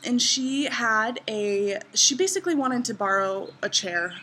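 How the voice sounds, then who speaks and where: A woman's voice: on the high side, animated, unhurried, bright, forceful tone, a little hiss or hum. A woman in her thirties vlogging to camera outdoors in a garden, telling a travel story with bubbly enthusiasm. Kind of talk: casual vlog to camera.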